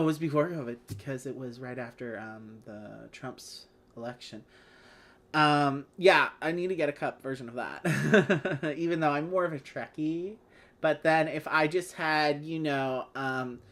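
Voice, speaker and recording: A woman's voice: low-pitched, a bit bright. A chatty woman hosting a casual live play-along of a board game. Her voice moves up and down a lot as she rambles, laughing often between thoughts. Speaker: host.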